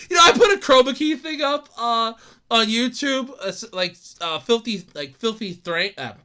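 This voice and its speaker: Excitable solo podcaster, laughing and swearing. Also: mid-range voice, moderate pace, smooth. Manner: jumps between loud outbursts and mumbled asides. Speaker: podcast host.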